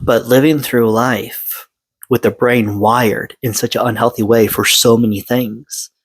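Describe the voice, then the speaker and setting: A man in his forties speaks straight into a close mic, earnest and halting, stopping and restarting often. The sound is dry and close, with no room behind him. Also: mid-range voice, fairly even intonation, slightly rough, no room sound, poor audio. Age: 40s. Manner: halting, with many fillers and restarts. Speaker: vlogger sharing personal story. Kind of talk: earnest personal monologue.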